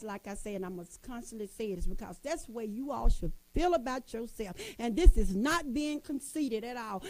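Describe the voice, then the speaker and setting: A woman in a casual motivational talk to women, folksy and lively, calling her listeners sisters. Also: high-pitched, no echo, poor audio.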